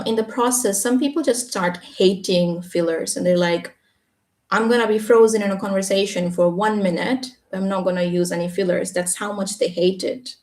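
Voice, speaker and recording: A woman teaching English on a live stream, explaining patiently and checking in with a quick "yeah?". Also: medium pitch. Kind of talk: live Q&A reading viewer comments. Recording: echoey room, voice a bit far from the mic.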